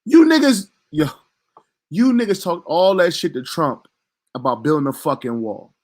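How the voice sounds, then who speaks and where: Indignant man ranting, higher pitched. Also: big pitch swings, moderate pace. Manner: profane, emphatic, indignant. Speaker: vlogger. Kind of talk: heated commentary rant.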